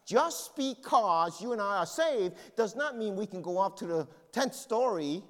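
A man's voice: high-pitched, animated, unhurried, fairly bright tone, big-room sound. A man pastor preaching a sermon in a conversational way, telling personal stories.

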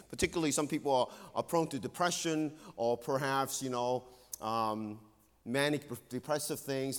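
A male pastor preaching a sermon with earnest emphasis, dropping to hushed tones and rising again. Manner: earnest, swings between loud emphasis and hushed low tones. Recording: long hall reverb.

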